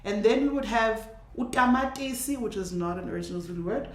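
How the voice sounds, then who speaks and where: A woman teaching a casual language lesson, patiently repeating words slowly so listeners can hear each sound. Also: on the high side, animated, roomy sound.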